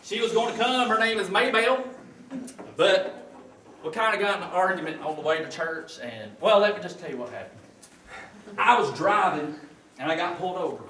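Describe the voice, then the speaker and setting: High-voiced folksy church comedian. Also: male voice, expressive, normal speed, sharp tone. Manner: folksy hillbilly drawl. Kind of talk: comic storytelling in character. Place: church sanctuary. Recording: echoey church, distant mic, noisy.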